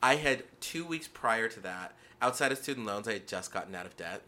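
Very bright lively-voiced male interviewer. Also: lowish voice, brisk. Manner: chatty, laughs easily. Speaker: podcast interviewer. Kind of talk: casual interview chat. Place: festival venue.

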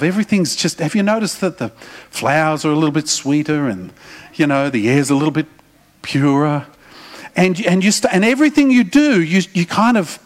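A middle-aged man, preaching a sermon in a conversational way with humorous asides. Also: sits high. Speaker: pastor.

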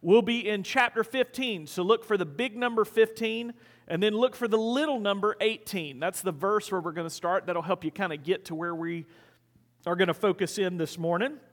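A man's voice: sits high, normal speed. A male pastor preaching a sermon in a conversational, storytelling way in a church. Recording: hall reverb.

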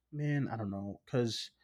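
A man hosting a casual movie discussion, rambling and animated, often acting out what others said. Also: mid-range voice, drawn-out words. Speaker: podcast host.

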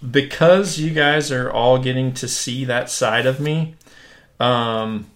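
A man hosting a casual podcast, talking in a relaxed, rambling way with many fillers and restarts. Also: medium pitch, slow pace. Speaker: podcast host. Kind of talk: casual chat.

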